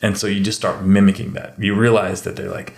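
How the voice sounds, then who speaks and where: Gravelly man telling stories casually. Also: on the low side, fairly quick. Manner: animated storyteller, slips into mimicked accents. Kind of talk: casual chat. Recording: echoey room.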